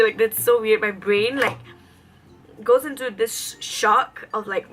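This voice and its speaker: Young woman, beauty vlogger, crisp bright tone, chatty and rambling. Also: a little high, measured pace, faint music behind, poor audio. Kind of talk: casual makeup tutorial chat.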